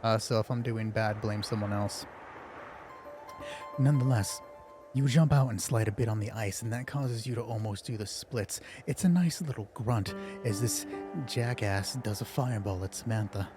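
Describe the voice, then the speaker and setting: Over music, a man with a lowish voice and a moderate pace runs a tabletop game as game master on a live stream. He's chatty, joking and mocking himself, and seems a little nervous. He streams from home with headphones on.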